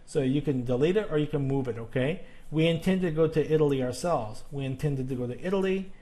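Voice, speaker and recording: A man's voice: fairly high pitch, fast talker, dark tone. A man teaching a grammar lesson on video, explaining patiently step by step and often checking in with "okay?".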